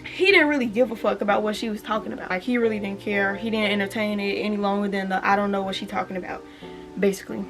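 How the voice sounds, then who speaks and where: A young woman, telling a storytime on her vlog in an animated way, swearing freely and reading text messages aloud. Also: medium pitch, quick pace, music in the background. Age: 20s. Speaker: vlogger. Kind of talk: casual storytime.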